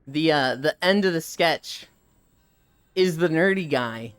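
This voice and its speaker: Laughing, swearing streamer with lively pitch. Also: slow, clear, resonant tone, no room sound, faint music behind. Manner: laughs often, swears, acts out quoted voices. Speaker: live streamer. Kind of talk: casual chat, retelling funny stories.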